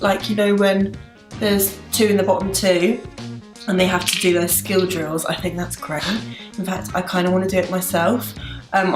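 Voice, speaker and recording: English woman beauty vlogger, chatty and self-mocking, roomy echo with music under her. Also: fairly low pitch. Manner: chatty and self-deprecating, laughing at her own mistakes. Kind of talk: casual makeup tutorial chat.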